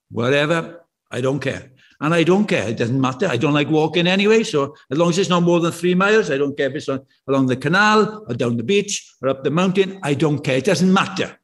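An older man preaching a sermon, chatty and anecdotal, slowing down to repeat key words with emphasis and dropping in wry, self-deprecating asides. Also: a little high. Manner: conversational and anecdotal, with slow emphatic repetition.

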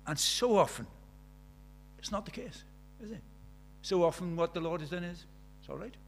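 A man's voice: high voice, normal speed, a little hiss or hum. An older man, preaching a sermon in a conversational way, full of rhetorical questions.

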